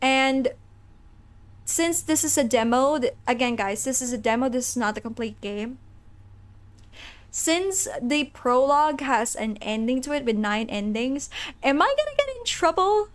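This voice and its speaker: An excitable woman live-streaming a game, with a high, bright voice. She reads the story text aloud and chats eagerly with her viewers. Her talk jumps quickly from joking to fretting.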